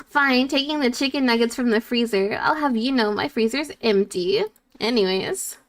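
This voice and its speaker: A woman's voice: a little high, normal speed. A woman VTuber streamer chatting casually and reading her chat aloud in a bubbly, playful way.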